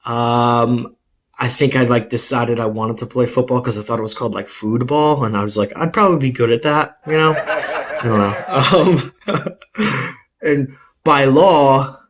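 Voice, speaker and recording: A man's voice: mid-range voice, measured pace. A young man doing a self-deprecating stand-up comedy set, with many fillers. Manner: rambling, filler-heavy, self-deprecating delivery.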